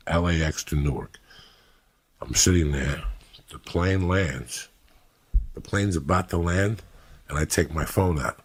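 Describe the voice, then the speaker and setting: Gravelly, husky man telling profane stories. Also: very deep voice, dry recording. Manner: profane, blunt and animated, acting out his own quotes. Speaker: storyteller on a podcast. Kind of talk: casual storytelling chat.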